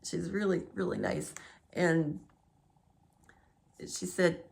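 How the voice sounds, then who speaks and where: A middle-aged woman talks on and on in a loose, casual vlog monologue, drifting from one subject to the next and laughing along the way. Her voice sits fairly low, with a gravelly edge running through it. She speaks from home, chatty and unhurried in her digressions. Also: big pitch swings, a little mellow. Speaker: vlogger.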